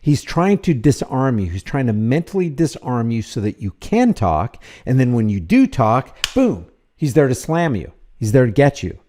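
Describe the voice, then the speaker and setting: A man's voice: medium pitch, very animated, moderate pace, hardly any pauses, mellow, a little hiss or hum. A middle-aged man giving blunt, emphatic commentary over video clips and repeating his points for weight. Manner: blunt, emphatic, repetitive phrasing. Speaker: commentator reacting to police footage.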